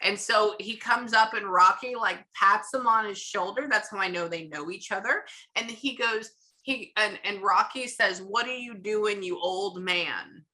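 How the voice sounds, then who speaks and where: A woman working as a psychic medium, chatting casually through a reading and retelling what she hears in quick bursts. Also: mid-range voice, sharp tone, low-quality recording.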